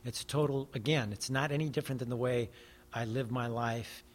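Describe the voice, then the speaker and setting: A man's voice: medium pitch, fairly even intonation, normal speed, a little hiss or hum. An American man who talks earnestly in casual conversation, preaching with frequent swearing. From United States. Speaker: guest.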